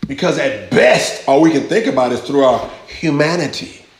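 A man's voice: mid-range voice, normal speed, slight background noise. A man preaching a passionate sermon as pastor, repeating phrases for emphasis and drawing answers from his congregation. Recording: very echoey church hall.

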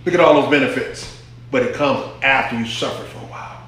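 A man's voice: medium pitch, steady tone, normal speed. A man, a pastor, giving a conversational Bible lesson, reading scripture aloud and rising into fervent emphasis. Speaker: pastor teaching a Bible class. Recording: echoey room.

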